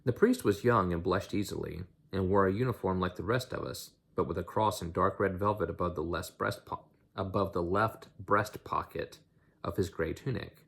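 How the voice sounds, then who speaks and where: Male reader, unpolished novel reading, very low husky voice. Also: normal speed. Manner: unpolished, with slips and restarts. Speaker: audiobook reader.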